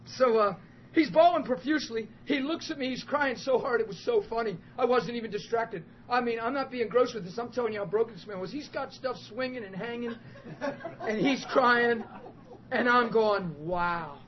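A man preaching a sermon at a church service, telling a story with emphatic, animated delivery that swells into loud outbursts and breaks into chuckles. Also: very high-pitched, normal speed. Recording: muffled with faint background hiss.

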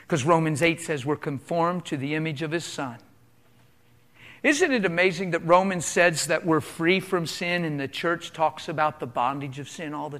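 A man preaching a sermon in a church, impassioned, asking rhetorical questions and swinging between loud and hushed delivery. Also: a little high.

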